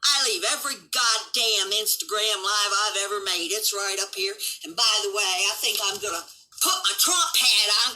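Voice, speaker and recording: A woman of seventy hosting a livestream, delivering an angry, combative rant full of swearing and occasional shouting. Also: medium pitch, lively intonation, moderate pace, soft background music, poor audio. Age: 70s. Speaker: livestream host.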